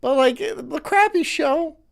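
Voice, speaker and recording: A man's voice: extremely high pitch, expressive, takes it slowly, creaky. A man hosting a live stream, reading out viewer messages, stumbling, restarting and cursing in exasperated banter. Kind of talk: casual live-stream chat.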